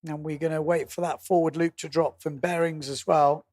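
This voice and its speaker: An English man calls a windsurfing event live, joking and laughing easily with quick asides between calls. His voice sits on the high side with a flat, slightly mellow delivery. The recording is dry and studio-clean.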